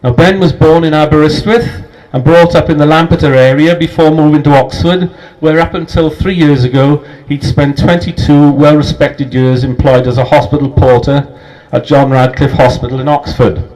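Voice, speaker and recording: Host, male, slightly high voice, formal read-out introduction. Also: steady tone, normal speed, hardly any pauses, darkish tone, poor audio. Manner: formal, announcing. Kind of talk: reading an introduction. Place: pub function room.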